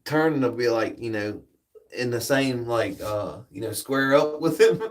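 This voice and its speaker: Picked up from a distance, a man with a mid-range voice speaks at a measured pace while hosting a livestream. He's a laid-back, rambling storyteller who chats casually with viewers and swears freely.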